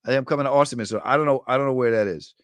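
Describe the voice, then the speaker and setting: A man with a New York accent, a comedian chatting casually and answering viewer comments, joking and telling animated stories that jump into sudden high bursts. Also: racing, no room sound. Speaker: comedian hosting a live chat.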